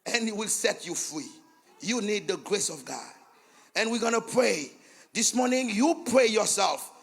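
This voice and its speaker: Raspy Haitian pastor shouting a fervent sermon. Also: male voice, sits high, animated, measured pace, faint music behind. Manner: switches between English, French and Creole, chants repeated phrases. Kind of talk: fervent sermon, leading prayer.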